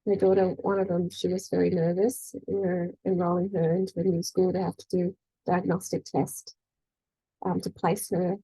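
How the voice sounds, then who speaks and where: A woman's voice: on the low side, flat delivery, normal speed, mellow, breathy edge, dry recording, rough recording. A middle-aged woman coaching a faith group in a chatty, casual way, often checking in with "right?" and acting out quoted voices. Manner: chatty, frequent "you know" and "right?", acts out quoted voices. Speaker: spiritual energy-healing coach leading a group meeting. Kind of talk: casual faith-based teaching talk.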